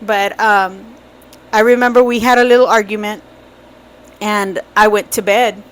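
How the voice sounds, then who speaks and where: A woman's voice: medium pitch, steady tone, a little slow, rough recording. A middle-aged woman co-hosting a family podcast, recalling past events in a plain, reflective, casual way. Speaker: podcast co-host, mother. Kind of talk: casual storytelling chat.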